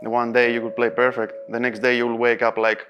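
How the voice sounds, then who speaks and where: A man recounts a match in a casual interview, speaking animated non-native English. His pitch sits mid-range for a man, and he often breaks into laughter. Soft music plays faintly underneath. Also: quick pace, dull audio. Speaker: pool player interviewee.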